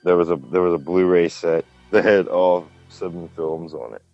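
A man's voice: low voice, moderate pace, gravelly, darkish tone, dry recording, dull audio, soft background music. A man co-hosting a movie podcast, talking bluntly and enthusiastically and swearing freely. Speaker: podcast co-host. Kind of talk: casual chat.

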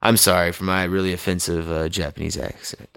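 A man co-hosting a casual movie podcast, animated and excitable as he retells scenes. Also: low voice, brisk, creaky, clean tone. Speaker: podcast co-host.

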